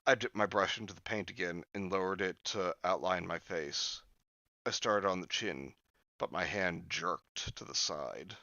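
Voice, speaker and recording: Man host, low bright voice, reads a horror story with joking commentary. Dry, lo-fi sound. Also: unhurried, no echo. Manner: jokey asides, chuckles at the story.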